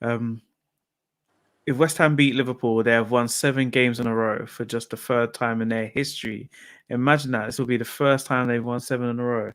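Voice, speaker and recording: A man's voice: medium pitch, fairly even intonation, normal speed, fairly bright tone, no room sound. A man hosting a casual football chat, chatty and laughing as he reads out viewers' predictions. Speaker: football podcast host.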